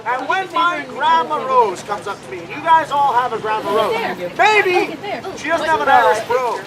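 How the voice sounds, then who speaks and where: A man's voice: extremely high pitch, brisk. A man performing a comic magic act at an outdoor fair, joking and bantering with the audience. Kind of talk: live stand-up magic act. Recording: loud crowd around an outdoor show.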